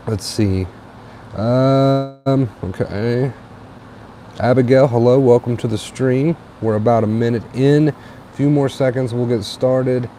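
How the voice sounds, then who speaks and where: A man's voice: medium pitch, a little hiss or hum. Tired young man hosting a late-night livestream. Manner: relaxed, repetitive, fills with uh and um. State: a little tired. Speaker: livestream host. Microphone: tablet mic.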